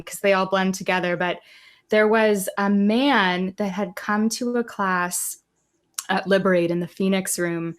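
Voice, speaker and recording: A woman hosting a podcast, chatting in an effusive, rambling way with lots of fillers. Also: medium pitch. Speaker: podcast host. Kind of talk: casual conversation.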